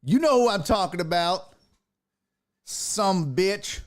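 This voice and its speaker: A man hosting a sports talk show, swearing freely as he rants and mocks. His voice sits high for a man and swings widely in pitch. He takes his time with the words. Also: slow pace. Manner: profane, animated, mocking. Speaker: sports podcast host. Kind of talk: casual sports rant.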